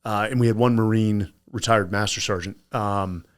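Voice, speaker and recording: A man speaking as a podcast guest, telling personal stories in a casual, animated way. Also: fairly low pitch, moderate pace, clear, resonant tone. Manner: animated anecdotal storyteller.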